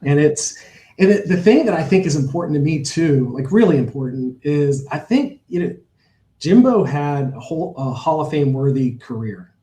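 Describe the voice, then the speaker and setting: A man's voice: fairly high pitch, big pitch swings, moderate pace, mellow, echoey room, low-quality recording. A middle-aged man, a horse owner, telling stories in a casual interview, rambling with many fillers and restarts.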